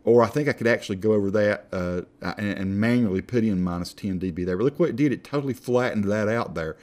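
A man with a somewhat low voice walks viewers through an audio editor in a relaxed, conversational tutorial. He talks as he works, often restarting and repeating words while he hunts through the menus. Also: quick pace. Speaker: software instructor. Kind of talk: screen-recorded tutorial.

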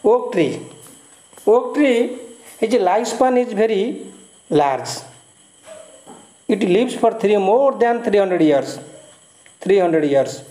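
Indian English male teacher, higher-pitched, unhurried delivery, repeats and glosses words, echoey room. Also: lively intonation, mellow. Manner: repeats key words and glosses meanings step by step. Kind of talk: explaining a poem in a recorded lesson.

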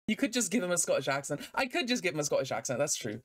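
A woman's voice: fairly low pitch, sing-song, rapid-fire, hardly any pauses. A woman streamer in casual let's-play commentary, rambling and self-deprecating and laughing often.

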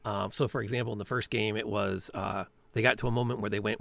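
A man's voice: lowish voice, steady tone, quick pace, vocal fry, a bit bright, dry recording. A man hosting a casual chat, a game master talking playfully about running his games. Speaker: podcast host and game master.

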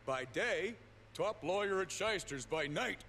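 A swaggering, foul-mouthed biker gang boss in a video game, pitched fairly high and swinging his voice up and down. He preaches and mocks in the same breath. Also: expressive, unhurried, sharp tone, slight background noise, exaggerated voice. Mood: mocking. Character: brash male biker gang leader, crude. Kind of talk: video game cutscene acting.

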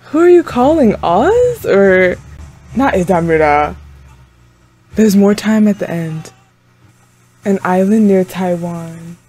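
A woman's voice: mid-range voice, very animated, slow pace, pauses often, a little mellow, slightly rough. A young woman hosting a reaction video, chatting casually to the screen with frequent exclamations and laughs. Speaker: anime reaction channel host.

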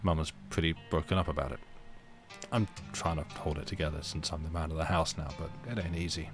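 A man's voice: very deep voice, flat delivery, fast talker, over music, voice pushed down. A man reading the lines of a grieving young man whose father has died, in his own plain voice without any accent. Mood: somber. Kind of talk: reading game dialogue aloud.

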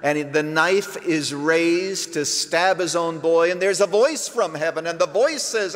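A pastor preaching a sermon, swinging between hushed, low phrases and emphatic lines. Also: male voice, moderate pace, few pauses. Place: church sanctuary. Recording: long reverb of a church hall.

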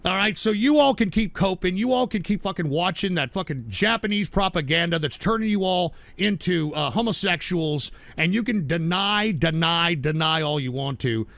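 High gravelly man ranting hard. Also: expressive, normal speed, few pauses, no room sound. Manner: aggressive, profane, shouting rant. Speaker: radio call-in show host. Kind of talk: live call-in radio rant.

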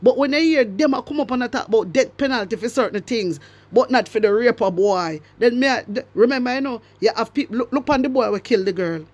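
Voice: medium pitch, brisk. A social media commentator with a Jamaican accent, delivering an impassioned political rant to followers and hammering home repeated rhetorical questions. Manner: emphatic, repeats rhetorical questions, swings between loud and hushed.

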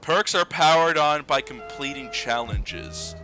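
A man casually chatting and joking while playing a video game with a friend, goofy and quick to laugh and swear. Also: a little high, lively intonation, pushed and bright, faint music behind. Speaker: co-host gaming channel. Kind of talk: casual gameplay chat.

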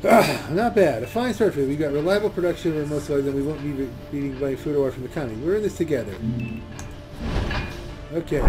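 A man's voice: on the high side, quick pace, over loud music. A man giving casual gameplay commentary, reading in-game dialogue aloud and muttering asides to himself. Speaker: let's play gamer.

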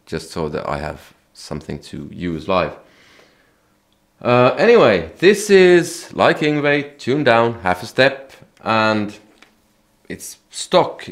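Low-voiced guitarist chatting about gear. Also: male voice. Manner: relaxed, chatty, self-correcting. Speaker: guitarist and channel host. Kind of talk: casual gear talk to camera.

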